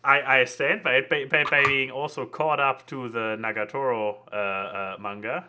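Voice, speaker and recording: A man's voice: mid-range voice, steady tone, normal speed, noisy background. A young man hosting a casual podcast, rambling and stammering with crude language. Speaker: podcast host.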